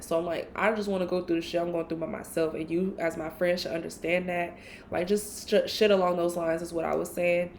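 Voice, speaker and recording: A woman hosting a solo podcast, telling a personal story in a blunt, profane, animated way. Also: on the low side, a little hiss or hum. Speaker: podcast host.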